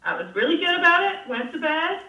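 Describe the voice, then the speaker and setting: A young woman chats with a guest's easy frankness, swearing freely as she spins a lively story. Her voice is bright and forceful. It sounds distant and dull, in a roomy space. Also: extremely high pitch, fairly quick. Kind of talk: casual chat, storytelling.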